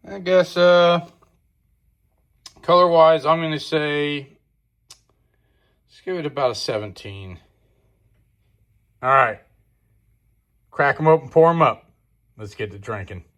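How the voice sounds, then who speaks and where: A chatty man casually reviewing homebrew beer, rambling and stopping to correct himself mid-thought. His voice sits fairly high for a man. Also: takes it slowly, long pauses, a bit bright.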